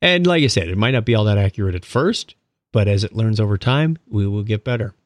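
A man co-hosting a podcast, chatting in a relaxed way and making wry remarks. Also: on the low side, fairly quick, no echo. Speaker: podcast co-host. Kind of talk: casual chat.

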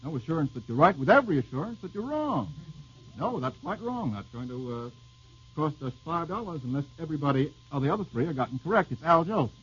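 A man's slightly raised, husky voice leads a vintage radio quiz with wry, joking banter. He reads out questions and teases his panelists. The sound is dull and lo-fi, like an old radio broadcast. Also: a little high, very animated. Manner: wry, bantering, quick with jokes. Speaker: quizmaster host. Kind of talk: old-time radio quiz show hosting.

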